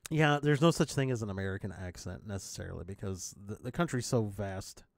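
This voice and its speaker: A man's voice: on the low side, fairly quick, vocal fry, dry recording, studio quality. A man hosting a casual chat with friends, blunt and teasing, swearing freely. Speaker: podcast host.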